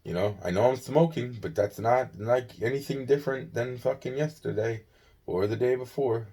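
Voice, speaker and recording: A man's voice: mid-range voice, moderate pace, mellow, slightly rough. A young man rambling on in a casual monologue, swearing often, yawning and tired. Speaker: vlogger.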